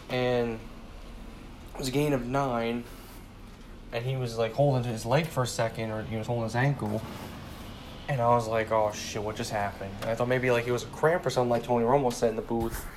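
A man's voice: mid-range voice, darkish tone, slight background noise. A twenty-year-old man ranting casually about a football game, heated, swearing often and repeating himself as he rambles. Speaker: sports fan vlogger.

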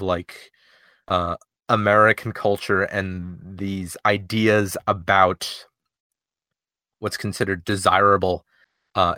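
A man's voice: on the low side, pushed and bright, dry recording, studio quality. A man in a casual film review chat, talking in a rambling, analytical way with many fillers.

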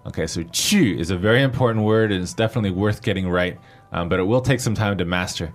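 A man's voice: low voice, fast, soft background music. A man hosting a language lesson who patiently explains grammar and spells out pinyin letter by letter.

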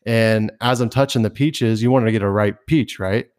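A man with a somewhat low voice, talking in a relaxed, rambling way. He muses aloud as a podcast host and calls his friend dude. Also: moderate pace. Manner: reflective, rambling, says dude a lot. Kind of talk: casual chat.

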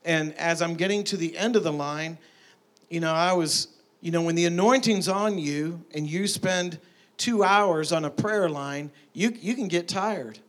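A man preaching a sermon, telling stories in a lively way and building to emphatic peaks. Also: fairly high pitch, a little slow. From Tulsa, Oklahoma. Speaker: pastor. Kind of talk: sermon with storytelling.

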